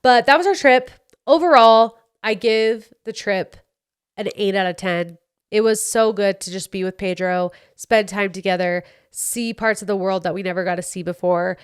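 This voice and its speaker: A woman, hosting a podcast and telling a story in a chatty, animated way with lots of "like". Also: medium pitch, normal speed, smooth. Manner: chatty, animated, heavy use of "like". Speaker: podcast host. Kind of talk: casual storytelling chat.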